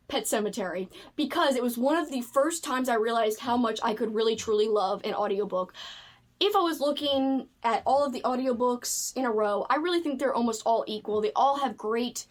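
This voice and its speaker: Casual book vlogger, woman, higher voice, animated and gushing. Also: moderate pace. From United States. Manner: animated, gushing, frequent fillers. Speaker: book video creator. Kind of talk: casual chat.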